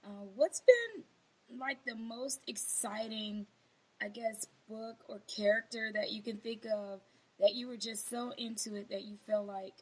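A woman's voice: on the high side, unhurried, husky, rough recording. A woman hosting an interview, asking long, rambling questions with enthusiasm. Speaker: interview host. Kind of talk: casual interview.

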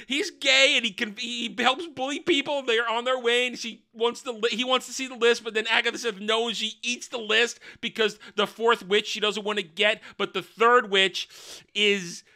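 A man's voice: high voice, vocal fry, pushed and bright. A man reviewing a TV episode in a casual, rambling rant, sarcastic, exasperated and crude. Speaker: TV show reviewer.

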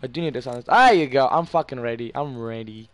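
A young man hosting a gaming session, talking fast and loose with friends, excitable and profane, swearing and calling out plays. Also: mid-range voice, noisy background. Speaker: gamer host. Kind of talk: casual gaming chat.

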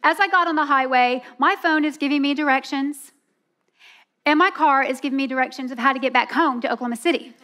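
Speaking fast in a high, sharp voice, a woman tells a personal story as part of a sermon at a women's church event. She stays earnest throughout, slipping into character voices and laughing along the way.

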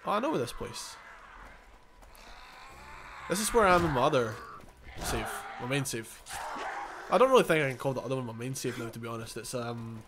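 Background noise runs under this mid-range male voice. He's a gaming channel host doing casual let's-play commentary, rambling about his own gameplay, catching his own mistakes and chuckling.

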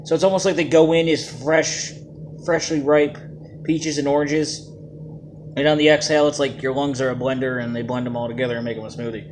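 A man's voice: mid-range voice, flat delivery, brisk, slight background noise. A man casually reviewing vape juices, joking and plain-spoken in a laid-back way.

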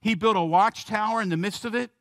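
A male pastor preaches a sermon in a church, his voice sitting high for a man. He leans hard on key words, slows down for effect and puts questions to his listeners. The sound is dry and close, with little room echo. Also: a bit bright. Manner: asks the congregation questions.

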